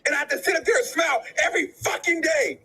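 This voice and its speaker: A man's voice: very high-pitched, animated, quick pace, bright, forceful tone, faint music behind. A tearful, furious man venting in a profane, repetitive rant.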